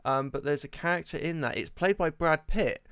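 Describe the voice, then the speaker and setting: A man in casual podcast chat, hesitant and halting, with many ums as he searches for examples. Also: a little high, fairly bright tone, clear, resonant tone, no echo.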